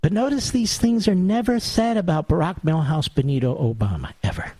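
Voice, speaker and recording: A man's voice: high voice, lively intonation, a little fast, warm tone, slightly rough, no echo. A man hosting a talk radio monologue, sarcastic and mocking, with big theatrical swings in tone.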